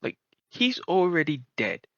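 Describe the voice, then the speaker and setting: A man's voice: on the high side, big pitch swings, a little slow, a bit bright, no echo, highs cut off. A man playing a tabletop game, speaking in an offhand, reassuring way. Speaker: player. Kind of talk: tabletop role-play.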